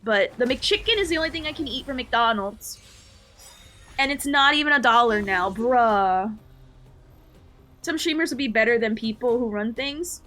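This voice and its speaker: A woman streaming live, ranting casually and reading her chat aloud. Her voice is bright and a touch high. She keeps dropping "bruh" into her talk, and faint music plays behind her. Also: expressive, normal speed. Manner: slangy, says "bruh" often. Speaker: VTuber streamer.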